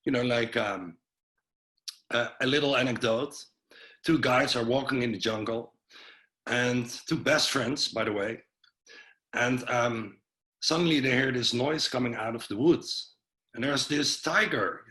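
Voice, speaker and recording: A man presents on a video call in a loose, chatty way, full of fillers and restarts. His voice is bright and forward, and it sits at a middling pitch. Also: low-quality recording. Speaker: webinar presenter. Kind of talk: informal online health presentation.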